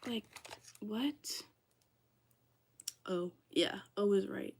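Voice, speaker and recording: A woman's voice: medium pitch, drawn-out words, vocal fry, noisy background. A young woman on a livestream, casually telling a story to her viewers, chatty and full of "like". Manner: chatty, heavy use of "like", addresses viewers as "y'all".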